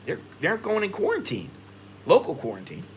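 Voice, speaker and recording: A man's voice: sits high, huge pitch swings, moderate pace, a little hiss or hum. An American man hosting a livestream, reading viewer comments and rambling with frustration, repeating himself. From United States. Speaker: expat vlogger.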